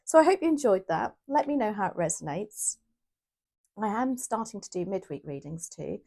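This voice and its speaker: A woman's voice: mid-range voice, very animated, normal speed, creaky, dark tone. A woman giving a casual, chatty tarot reading to her viewers, often correcting herself as she thinks aloud. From United Kingdom. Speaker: tarot reader.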